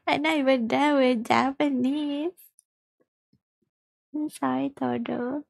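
A woman's voice: sits high, fairly even intonation, takes it slowly, creaky, long pauses, no room sound. A woman livestreaming a mobile game, chatting casually with viewers, reading chat aloud and giggling often.

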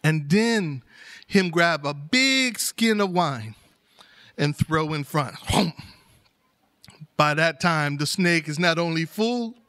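A male storyteller tells a folktale aloud with animated, rhythmic repetition. His voice sits high and sounds bright and forceful. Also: takes it slowly.

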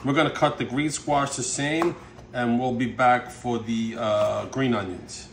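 A man giving a relaxed, chatty cooking demonstration, talking viewers through each step with lots of fillers and asides. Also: medium pitch, a little slow. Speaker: home cook showing a recipe. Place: kitchen, then an outdoor backyard grill. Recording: outdoor background noise.

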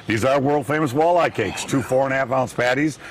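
A man's voice: mid-range voice, fairly quick. A middle-aged man, a food stand owner, jokes through a casual TV interview, often stammering and repeating his words. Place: outdoor food stand at a state fair. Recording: outdoor voice caught from off-mic.

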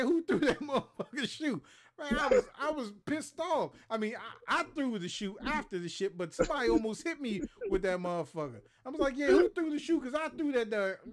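A high-pitched man in his thirties from Maryland hosts a show, telling stories in casual, profane chat and acting out quotes and sound effects.

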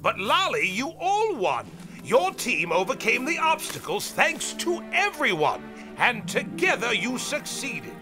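A man voicing a wise, calm male jungle elder who referees games in a cartoon dub, speaking in a patient, lecturing way. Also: extremely high pitch, unhurried, over music, heavily acted. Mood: instructive.

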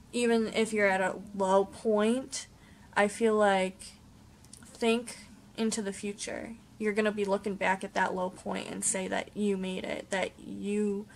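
A young woman vlogging casually to camera at home, rambling with many pauses and ums. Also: medium pitch, creaky, slight background noise. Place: home, indoors.

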